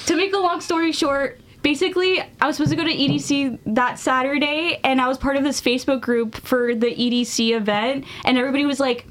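A woman's voice: sits high, fairly even intonation, fast, few pauses. A young woman co-hosting a casual chat, telling a long story full of fillers. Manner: chatty storytelling with lots of fillers. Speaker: podcast co-host.

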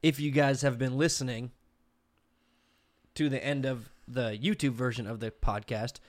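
A man's voice: medium pitch, fairly even intonation, normal speed. A man hosting a podcast in a loose, profane, casual way. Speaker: podcast host. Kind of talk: casual chat. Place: podcast room with a computer table.

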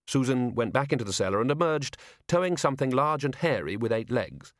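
Brief: male audiobook narrator, lively rising and falling delivery, dry close sound. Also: medium pitch, a little fast, dry recording. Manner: expressive storytelling. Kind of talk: audiobook reading.

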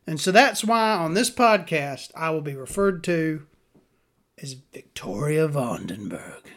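A man's voice: fairly high pitch, expressive, moderate pace, a bit bright. A man, hosting a podcast in a rambling, profane, sardonic monologue. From Southern US. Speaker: podcast host.

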